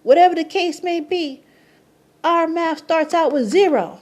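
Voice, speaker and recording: A high-pitched woman talks through her own number system in loose, slangy chat. She swears freely, laughs as she goes and checks in with "okay?" after nearly every point, her voice jumping up into excited squeals. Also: measured pace. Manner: rises to high squeals of surprise. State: tired, sleepy at times. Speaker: numerology vlogger. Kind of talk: casual explainer monologue.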